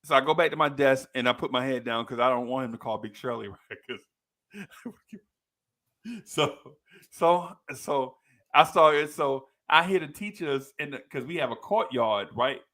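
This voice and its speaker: A man in his fifties, co-hosting a podcast, telling a story with lively energy and acting out the people in it. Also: mid-range voice, moderate pace. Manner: animated storyteller, acts out quoted people in a raised voice. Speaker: podcast co-host. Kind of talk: casual chat.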